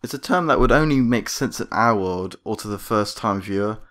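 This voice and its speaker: A man's voice: lowish voice, lively intonation, brisk, fairly bright tone. A man giving scripted critique commentary on a cartoon episode, sarcastic and exasperated. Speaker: video reviewer.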